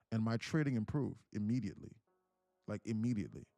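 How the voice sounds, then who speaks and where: A man's voice: mid-range voice, normal speed, mellow, no room sound. Rambling man telling a story. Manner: rambling, profane, full of restarts. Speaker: livestream host. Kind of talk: casual storytelling.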